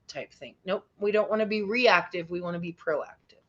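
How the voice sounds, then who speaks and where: A woman's voice: medium pitch, fairly quick. A woman teaching a session on people skills to teens, chatty and encouraging, with many asides. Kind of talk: classroom lesson over video call. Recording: dull lo-fi audio.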